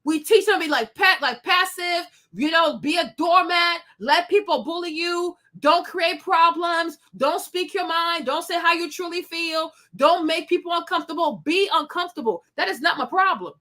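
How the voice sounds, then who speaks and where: A woman's voice: extremely high pitch, normal speed, few pauses, sharp tone. A woman hosting a commentary show, reacting to a clip with sassy, emphatic talk. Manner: sassy, emphatic, preachy asides.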